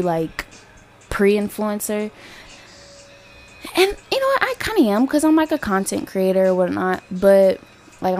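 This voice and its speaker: A woman's voice: medium pitch, a little mellow. Profane, rambling young woman podcaster. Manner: candid and profane, rambling with fillers. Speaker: podcast host. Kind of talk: casual solo podcast monologue.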